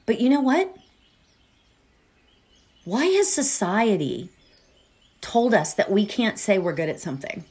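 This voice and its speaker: Her voice is mid-range and husky, swooping wildly in pitch as she speaks unhurriedly and pauses often. She's a middle-aged podcast host, chatty and warm-hearted, scattering fillers and asides through casual talk ahead of a guided meditation.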